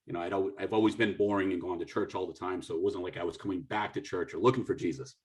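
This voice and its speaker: A man's voice: low-pitched, steady tone, quick pace. A middle-aged man from the United States, a military officer telling a war story as a guest speaker over a video call, acting out dialogue with frequent restarts. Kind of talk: storytelling talk.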